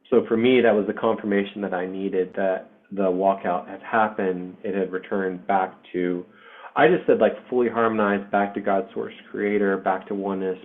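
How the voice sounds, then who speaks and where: Man, 40s, low voice, candid emotional storyteller with swearing and fillers, heard over thin phone-like call audio. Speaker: spiritual group host. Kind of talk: casual personal storytelling. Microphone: online video session.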